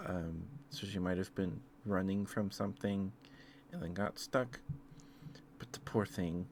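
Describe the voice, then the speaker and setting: A man rambling in a soft-spoken ASMR style, hesitant and full of fillers, tender and easily moved. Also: low voice, measured pace, a little hiss or hum. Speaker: ASMR streamer.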